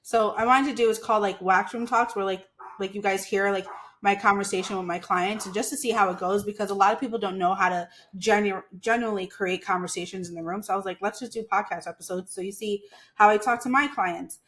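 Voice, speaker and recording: A woman's voice: medium pitch, fast. A woman who works as a waxer, chatting casually on a podcast and acting out quotes as she tells stories. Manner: animated storyteller, acts out quotes. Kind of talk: casual chat.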